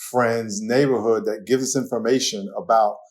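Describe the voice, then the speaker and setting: A man with a New York accent, a pastor talking as a guest in a casual interview, telling lively stories and laughing often. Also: on the low side, moderate pace. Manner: animated storytelling, laughs often.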